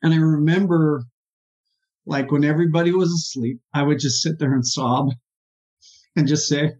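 A man, a therapist, telling his personal story as an interview guest in an earnest, halting, emotional way. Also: on the high side, fairly even intonation, darkish tone. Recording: dull lo-fi sound.

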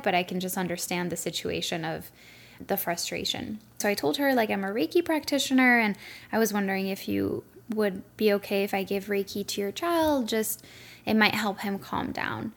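A young woman hosting a solo podcast, telling a story in a chatty way with lots of fillers. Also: mid-range voice. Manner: chatty, lots of "like" and "you know". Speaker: podcast host; Reiki practitioner.

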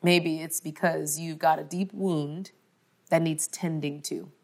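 Woman, thirties, conference talk, humorous storytelling, preacherly emphasis, lower voice. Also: steady tone, measured pace, gravelly. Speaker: speaker.

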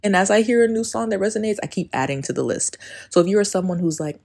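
A woman's voice: mid-range voice, animated, quick pace, vocal fry, a little mellow. A woman hosting a casual spiritual podcast, talking emphatically with plenty of swearing and often breaking into song lyrics. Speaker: podcast host.

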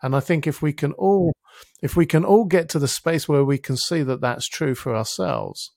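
Middle-aged male podcast guest, gravelly and dry-miked, a lively storyteller who swears casually. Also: fairly high pitch, moderate pace, no room sound. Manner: vivid storyteller who acts out his own inner voice, casual swearing. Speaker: interview guest, helps people with their thinking. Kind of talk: reflective storytelling in a podcast conversation.

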